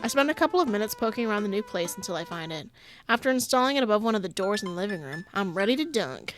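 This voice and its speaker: A woman's voice: mid-range voice, sing-song, quick pace, a bit bright, faint music behind. A woman playing a visual novel, narrating it aloud and breaking off for wry, laughing asides. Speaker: game streamer.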